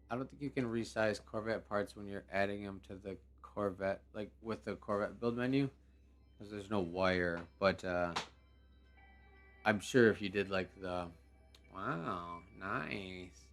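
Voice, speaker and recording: A man with a fairly low voice hosts a live stream, chatting casually and rambling with plenty of fillers. Faint music plays underneath him. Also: a little slow, long pauses. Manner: relaxed, rambling, full of fillers and praise. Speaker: host of a live game ship show.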